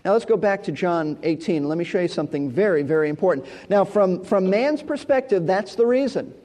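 A man's voice: high voice, expressive, a little fast, a little mellow. A male pastor preaching an expository sermon, emphatic and repeating key words for stress. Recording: long hall reverb.

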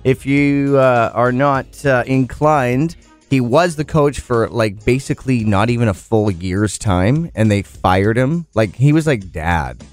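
A man's voice: mid-range voice, measured pace, faint music behind. A man co-hosting a morning radio show in casual, chatty banter full of fillers. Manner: chatty, animated, lots of fillers.

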